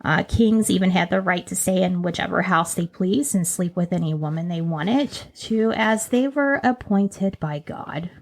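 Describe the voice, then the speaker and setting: With a fairly low, gravelly voice and hardly any pauses, this Northern Kentucky woman keeps a moderate pace while co-hosting a podcast. Her casual chat is full of laughter and tangents, and her chair squeaks as she sits indoors.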